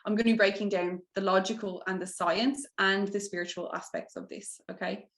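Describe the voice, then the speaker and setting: A young woman coaching a live online masterclass, her voice sitting at a middle pitch. She pitches her program earnestly and lets her feelings show. The sound is roomy and echoing. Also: fairly even intonation, brisk. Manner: heartfelt, gets emotional, breaks into tears and laughter. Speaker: mindset coach hosting a masterclass. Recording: echoey room.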